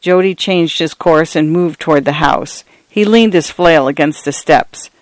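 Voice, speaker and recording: A man narrates a novel as an audiobook, telling the story in a measured way with slight tone shifts for characters. His voice is on the high side, with no room sound.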